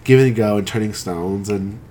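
A woman's voice: a bass voice, fairly quick, dark tone, a little hiss or hum. A woman co-hosting a podcast in casual, playful chat, swearing freely. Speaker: podcast co-host.

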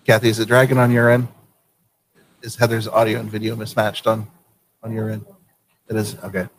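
A man from Vermont hosting a casual live show, easygoing and quick to laugh. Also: lowish voice, level tone, slight background noise. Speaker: show host.

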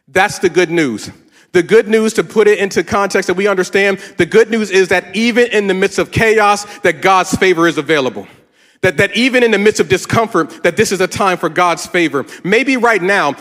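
Male pastor, middle-aged, high voice, rhythmic sermon refrains, long hall echo. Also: fairly bright tone. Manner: rhythmic preaching with repeated refrains.

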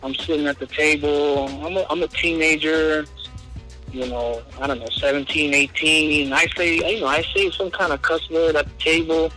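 Bright-voiced man telling a lively story. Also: on the high side, normal speed, soft background music, low-quality recording. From Southern California. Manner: lively storyteller, peppers speech with "man" and "you know". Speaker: high school basketball coach. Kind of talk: casual podcast interview.

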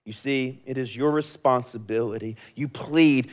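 A young man preaching a sermon, moving between quiet, drawn-out, intimate lines and loud, impassioned passages. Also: mid-range voice. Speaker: pastor.

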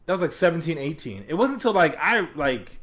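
A man's voice: fairly high pitch, a little fast. A man in his forties chatting casually, animatedly acting out quoted voices while telling stories. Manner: animated storyteller, acts out voices of others. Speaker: podcast co-host. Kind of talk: casual chat.

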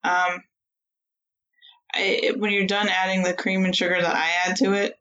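A woman co-hosts a laid-back podcast, chatting freely and leaning on "like" as she talks. Her voice sits at an ordinary middle pitch. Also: level tone, normal speed, bright, forceful tone, lo-fi sound. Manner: chatty, lots of "like" fillers. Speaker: podcast co-host. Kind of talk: casual chat.

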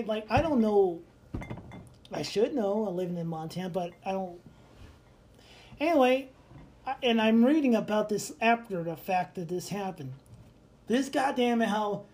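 A man co-hosting a podcast in casual chat, telling stories with lots of animation and laughter. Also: high voice. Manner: animated storyteller, laughs often. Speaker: podcast co-host.

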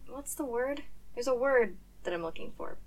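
A woman, a guest on a podcast, chatting casually and pausing to search for words. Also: a little high, lively intonation, far from the mic. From United States.

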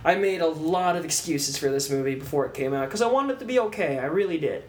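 A man's voice: fairly high pitch, fast talker. A man casually ranting about a movie on a podcast, swearing a lot and acting out scenes in mocking voices. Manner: animated, swearing, acts out lines in mocking voices. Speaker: podcast co-host. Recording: echoey room with faint background noise.

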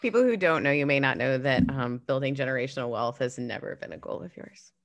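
A woman's voice: rumbling low, a little fast, no room sound, studio quality. A woman co-hosting a podcast in casual chat, tired, chatty and laughing easily, often restarting her sentences. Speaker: podcast co-host.

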